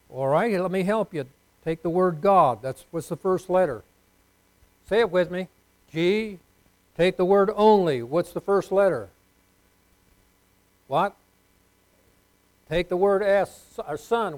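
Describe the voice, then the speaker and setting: A man delivers a sermon in a voice pitched a little high for a man. He leads the congregation in call-and-response and swings from soft, low asides to loud, emphatic lines. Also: low-quality recording. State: unwell. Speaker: preacher.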